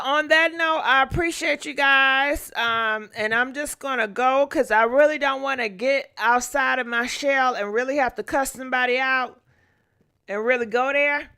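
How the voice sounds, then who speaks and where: A woman's voice: high-pitched, pushed and bright, clear, resonant tone. A woman hosting a casual livestream, venting with irritation about troll callers, cursing freely and thanking donors by name. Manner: profane, drawn-out thank-yous. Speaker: YouTube livestream host.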